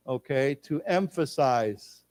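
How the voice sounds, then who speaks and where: In a library lecture room, a man runs an English vocabulary lesson, explaining words slowly and having the class repeat them. His medium-pitched voice is expressive and a little mellow, recorded dry.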